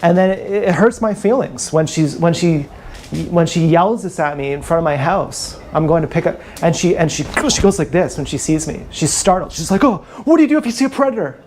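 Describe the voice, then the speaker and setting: A man's voice: a little high, moderate pace, a little mellow, slight background noise. Bitter ranting man on a livestream. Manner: ranting, bitter and contemptuous, repeating himself. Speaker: vlogger. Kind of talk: live-streamed rant. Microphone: action camera.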